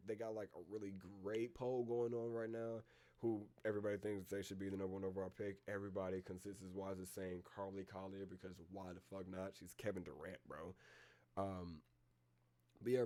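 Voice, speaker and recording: A man chats through a casual live-stream reaction in a rambling, slangy way, often calling his listeners bro. His voice sits low and has a soft, mellow tone. He works down a list of names with filler pauses between them.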